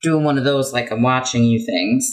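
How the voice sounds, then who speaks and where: A player in a tabletop game who talks casually and haltingly, full of fillers. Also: mid-range voice.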